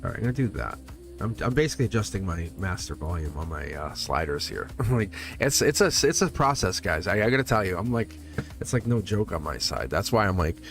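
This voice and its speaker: A man hosting a live tarot stream, chatting casually and laughing often as he talks straight to his viewers, with soft music behind him. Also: low voice, sing-song, fairly quick. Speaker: tarot reader and channel host. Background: quiet background music.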